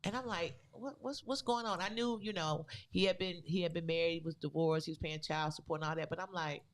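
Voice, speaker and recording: A woman co-hosting a podcast, telling a personal story in a casual, animated way with loose, vernacular phrasing. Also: low-pitched, quick pace. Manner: animated, acts out the people in her story. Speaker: podcast co-host.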